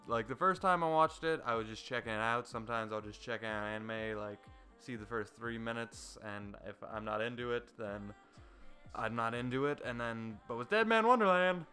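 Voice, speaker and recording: Young guy ranting about an anime, bright crisp voice, swears a bunch, faint music behind. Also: mid-range voice, normal speed. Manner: excitable, swears a lot, many fillers and restarts. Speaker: anime reviewer. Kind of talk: casual rambling review.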